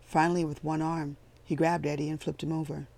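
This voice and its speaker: A man narrates a story in a measured, even way. His voice is gravelly and sits a little high, with a notably flat pitch. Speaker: audiobook narrator. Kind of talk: scripted narration.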